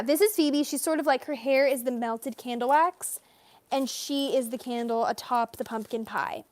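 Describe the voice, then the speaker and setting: A young woman chatting casually with viewers as she draws on a livestream, rambling and reading comments aloud. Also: on the high side. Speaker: artist livestreaming a drawing session. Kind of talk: casual live-stream chat while drawing.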